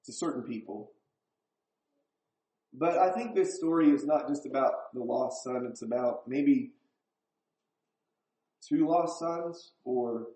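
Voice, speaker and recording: A man's voice: medium pitch, a little mellow. A man preaching a sermon in a church, talking in a conversational way and putting questions to the congregation. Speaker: pastor. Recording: echoey room.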